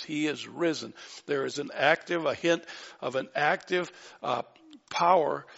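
A man's voice: a little high, gravelly, a bit bright. A man preaching a sermon, fervent, rising to exclaim lines of scripture. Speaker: pastor. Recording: dull sound in a reverberant hall.

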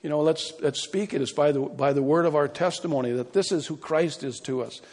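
Impassioned preacher in a reverberant hall. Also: male voice, a little high, fairly quick, a little mellow. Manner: impassioned, building to emphatic peaks. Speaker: pastor. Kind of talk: sermon.

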